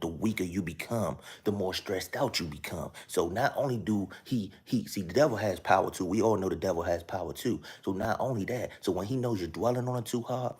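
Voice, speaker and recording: A low-voiced man with a husky, slightly rough tone talks to his live-stream viewers like a casual preacher. He is earnest and repeats himself, often urging listeners to walk with him. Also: darkish tone. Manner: earnest, repetitive, keeps asking viewers to follow along. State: talking softly at times so his sleeping kids stay asleep. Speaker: live-stream host sharing a spiritual message.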